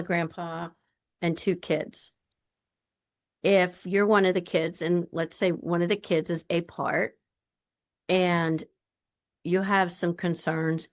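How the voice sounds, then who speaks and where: A woman presenting a workshop in a chatty, informal teaching style. She acts out the voices of the people she quotes. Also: lowish voice.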